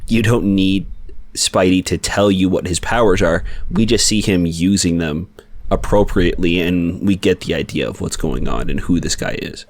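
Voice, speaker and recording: A man co-hosting a casual comic book podcast, talking haltingly with many fillers and restarts. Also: deep voice. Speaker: podcast co-host.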